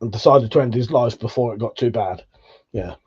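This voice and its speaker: A man's voice: medium pitch, a little fast, darkish tone, husky, dull audio. A British man hosting a casual livestream, chatting and reading out viewer comments in a laid-back, swearing, chuckling way. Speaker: livestream host.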